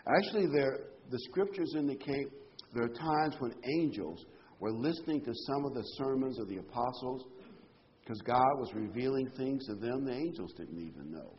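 A man preaching a sermon in a conversational, animated way. His pitch jumps up when he quotes people. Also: moderate pace. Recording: dull lo-fi sound with faint noise.

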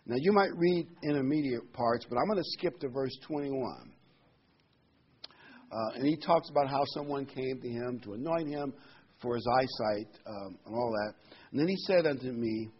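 A man leading a Bible study with a husky voice, reading scripture aloud and explaining it in casual asides. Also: fairly high pitch, expressive, moderate pace. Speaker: Bible teacher. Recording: dull lo-fi recording.

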